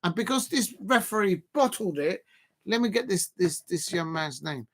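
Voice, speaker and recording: A man giving rambling, casual live commentary on a match and shouting out viewers by name. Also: high voice, expressive, normal speed. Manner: rambling, chatty, lots of fillers, shouts out viewers. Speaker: live stream host.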